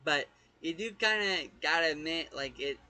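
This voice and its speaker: A young man talks through a game in casual let's-play commentary, sitting a little high and sounding bright and edgy. He rambles, restarts and repeats words, hesitant, and drops the odd swear word. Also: lively intonation, normal speed. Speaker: gaming channel host.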